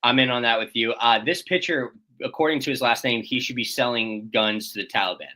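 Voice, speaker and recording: A man's voice: mid-range voice, brisk, pushed and bright, low-quality recording. A man co-hosting a morning baseball show, reeling off player stats in easygoing banter. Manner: reads stats, laid-back banter. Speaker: co-host. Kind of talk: casual sports talk.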